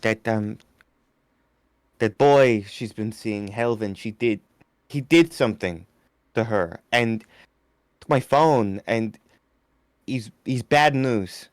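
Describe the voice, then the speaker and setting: A man playing his character in a tabletop game, speaking in a hesitant, halting way. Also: fairly low pitch, dry recording, clean studio sound. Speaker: player.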